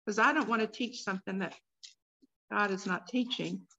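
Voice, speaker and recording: A woman's voice: mid-range voice, moderate pace, bright, forceful tone. A woman leading a Bible study workshop, reading scripture aloud and stopping to put questions to the group. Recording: dull lo-fi recording.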